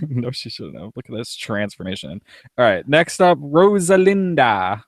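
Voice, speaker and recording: A man's voice: medium pitch, very animated, normal speed, husky, no echo, studio quality. A young man co-hosting a casual live podcast, reading listener emails aloud, laughing often and swearing casually.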